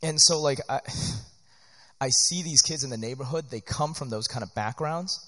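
A man preaching in an earnest, animated, conversational way, often checking in with "right?", teaching church workers. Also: mid-range voice, normal speed. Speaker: pastor. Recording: long hall reverb.

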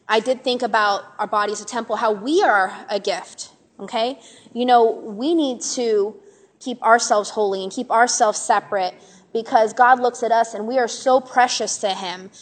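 Woman, Sunday school teacher, chatty, animated, lots of fillers, fairly high voice. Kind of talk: casual talk to a live group.

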